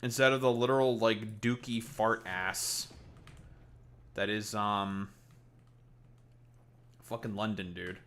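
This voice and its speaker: A man's voice: lowish voice, level tone, slow pace, long pauses, fairly bright tone. A young Canadian man with a Canadian accent, streaming and ranting casually, swearing a lot and mockingly throwing in "eh" and "bud". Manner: profane, mocking, with a playfully exaggerated Canadian "eh" and "bud". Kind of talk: casual live-stream rant.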